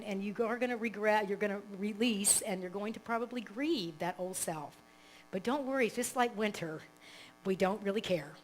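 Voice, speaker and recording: A woman minister delivering a live church sermon with a somewhat high voice. Her talk is animated and conversational, with many restarts and asides. She leads the congregation in a casual, chatty way. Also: slight background noise, rough recording.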